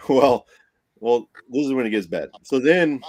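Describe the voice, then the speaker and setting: This paranormal investigator tells a story on a podcast in a casual, lively way, voicing other people's lines and laughing often. His voice is mid-range, his pace measured, and the recording is dry.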